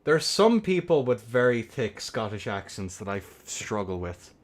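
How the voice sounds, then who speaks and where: A young man hosting a game tournament stream, rambling and swearing between bursts of excited play-by-play commentary. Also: mid-range voice, moderate pace. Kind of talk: casual livestream game commentary.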